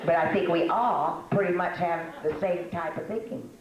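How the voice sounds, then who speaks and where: An older woman with a fairly low voice talks to a room of women in a folksy, self-mocking way. She laughs often and stumbles through fillers. The room gives her voice a clear echo. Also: moderate pace, crowd noise. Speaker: speaker at a women's meeting. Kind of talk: conversational talk to a women's audience. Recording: echoey room.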